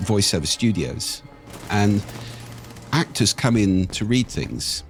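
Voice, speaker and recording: An older man with a husky voice, explaining speaking technique in a lively, expressive conversational way. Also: lowish voice, takes it slowly. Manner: animated, expressive intonation. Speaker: voice coach guest.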